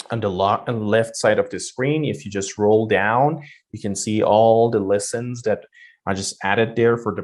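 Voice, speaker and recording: A man with a somewhat low voice teaches an English speaking-exam lesson online. He explains patiently, acts out rising and falling tones in spoken examples and often pauses on fillers. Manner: frequent fillers and restarts.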